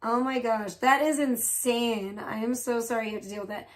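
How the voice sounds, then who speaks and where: A woman's voice: a little high, normal speed. A woman hosting a casual livestream, gossiping and reacting to chat, swearing freely. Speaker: livestream host.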